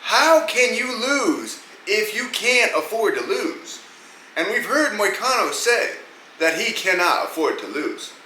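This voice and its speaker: Cussing podcast dude rambling his fight picks, bright forceful voice, echoey room w/ faint hum. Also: high voice, big pitch swings, takes it slowly. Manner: profane, rambling, joking. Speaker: podcast host. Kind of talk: casual fight-pick commentary.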